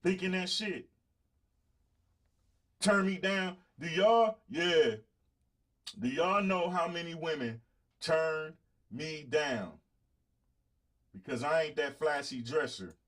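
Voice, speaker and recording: A man's voice: a little high, slow pace, pauses often, fairly bright tone. A middle-aged man with a Southern US accent, hosting his own show in a blunt, boastful, profane monologue aimed at his audience. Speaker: podcast host. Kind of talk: blunt casual monologue to viewers.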